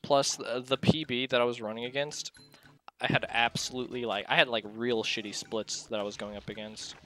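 A man's voice: mid-range voice, a little fast. A young man commentating his own speedrun from a dorm room at night, keeping his voice down but often bursting out in disbelief, with lots of restarts and stammers. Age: young adult. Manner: excitable, disbelieving, talks in bursts with many restarts; keeps voice down to avoid waking sleepers. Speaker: speedrunner streamer. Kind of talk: casual live commentary while gaming.

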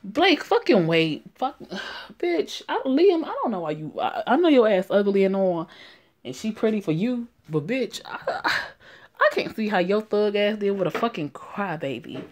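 A woman's voice: medium pitch, expressive, moderate pace. A woman giving crude, mocking comic commentary with lots of swearing. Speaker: storyteller.

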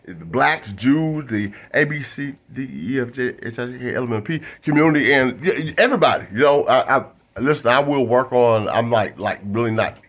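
A comedian delivers a loose stand-up monologue to camera, full of fillers, restarts and asides. His medium-pitched voice is fairly bright, with lively intonation and a fairly quick pace that leaves few pauses.

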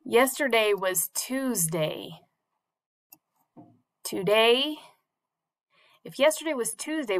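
Slow, patient woman teacher. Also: mid-range voice. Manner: slow, patient, sing-song prompting. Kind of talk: morning classroom routine for young children. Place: classroom or home teaching space.

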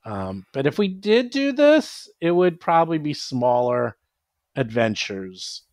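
A man being interviewed as a game author, chatting casually and acting out his players in quick quoted voices. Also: fairly high pitch, very animated, a little mellow, no room sound. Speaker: guest, adventure author and publisher.

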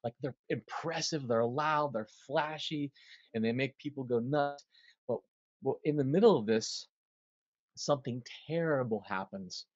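A man's voice: medium pitch, unhurried, no echo. A man tells a stage story as an interview guest, acting out the other voices as he goes. His voice sits in the middle range. The sound is dry and a little dull. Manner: animated storyteller, acts out quotes.

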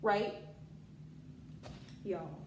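A woman hosts a casual tarot vlog, chatting straight to her viewers, calling them y'all and scolding her pet bunny. She speaks very slowly in a slightly mellow voice, recorded in an echoey room with background noise.

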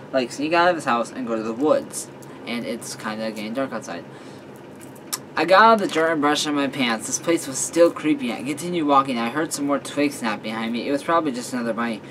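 Halting young man reading a story aloud. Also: mid-range voice, a bit bright, slight background noise, poor audio. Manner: halting, with fillers and self-corrections. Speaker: story reader. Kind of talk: casual reading of a fan story.

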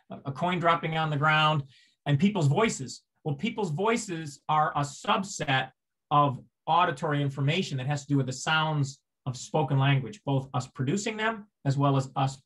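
A man delivers a seminar lecture in a voice a little higher than most men's. He explains patiently, poses rhetorical questions and answers them himself, and often restarts his phrases. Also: fairly bright tone, breathy edge.

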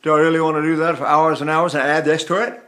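Older man teaching singing, bright voice. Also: a little high, level tone, fast. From United States. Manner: rambling, demonstrates with sung vowels. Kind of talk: vocal lesson with sung demonstrations.

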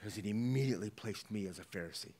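A man preaching a sermon as pastor, animated, swinging between hushed asides and loud exclamations. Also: lowish voice, fast talker, slightly rough.

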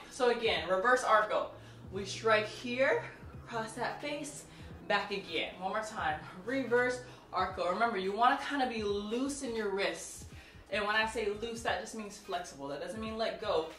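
A woman's voice: mid-range voice, a bit bright. Brief: woman instructor counting drills, echoey room, mic at a distance. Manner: counts out moves and cues students; chatty, laughs and jokes with viewers. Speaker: martial arts instructor. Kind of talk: instructional tutorial.

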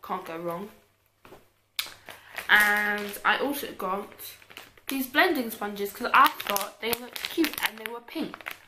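A woman's voice: medium pitch, animated, takes it slowly, pauses often, background noise. Chatty young British woman, echoey room. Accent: British English. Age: young adult. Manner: chatty, self-mocking, trailing off into mutters. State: tired. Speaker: YouTuber. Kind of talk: casual clothing haul.

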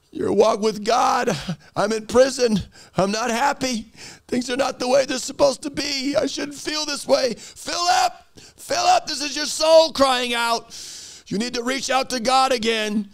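A man voicing a male soul that pleads and wails from a prison, rising to shouts. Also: very high voice, measured pace, creaky, pitched above the performer's own voice, full character voice. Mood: pleading.

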